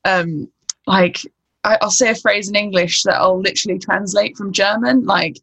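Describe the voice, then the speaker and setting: A woman's voice: medium pitch, fairly even intonation, moderate pace, fairly bright tone, breathy edge. A young woman in casual conversation, asking curious questions, laughing easily and using "like" often. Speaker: interviewer.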